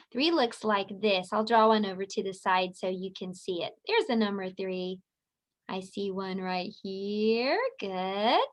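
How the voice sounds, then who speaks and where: A woman runs a virtual circle time for little kids, drawing out her words slowly. Her voice sits a bit high and lilting, always gently encouraging. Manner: slow, sing-song, encouraging talk to small children. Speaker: preschool teacher. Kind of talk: virtual circle time lesson for young children.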